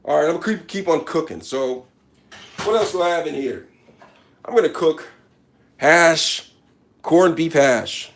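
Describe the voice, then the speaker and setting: This comedic cooking vlogger speaks in a fairly high, animated voice, a little slowly and with frequent pauses, against slight background noise. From his home kitchen he hosts a deadpan parody cooking show, boasting straight to viewers with recurring catchphrases.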